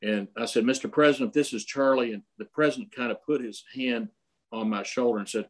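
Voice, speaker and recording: A man's voice: medium pitch, normal speed. An older man telling long personal stories in a casual, rambling way, full of fillers and restarts. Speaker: guest storyteller.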